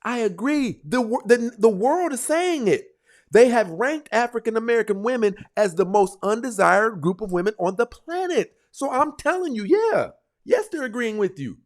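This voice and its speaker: A man's voice: very high-pitched, sing-song, moderate pace. A man hosting a heated live-stream debate, mocking the guests and laughing often. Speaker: host.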